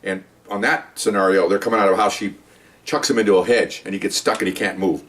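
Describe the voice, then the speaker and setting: Brief: middle-aged male cop, rapid rambling anecdote, mic set back a bit. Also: low voice, distant mic, slight background noise. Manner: animated, acts out scenes with quoted voices; loose, rambling, frequent "okay?" and "you know". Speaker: police detective and supervisor. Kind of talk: casual storytelling.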